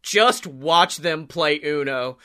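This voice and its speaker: Bright high-voiced man, laughing wrestling chat. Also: slow pace. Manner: profane, laughs often while telling stories. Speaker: podcast co-host.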